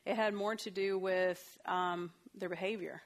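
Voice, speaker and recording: Woman talking to a room of parents, casual and lively, laughs a lot. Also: medium pitch, unhurried. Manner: conversational, animated, laughs often. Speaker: parenting workshop facilitator. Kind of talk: casual workshop talk to parents.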